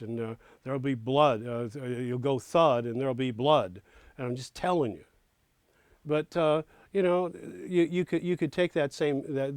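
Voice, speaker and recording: Middle-aged man, songwriting professor, animated teaching, acts out little quotes, dry close sound. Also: medium pitch, no echo. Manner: animated teacher, recites rhymes and quotes in small acted voices. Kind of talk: teaching lyric writing in a recorded clinic.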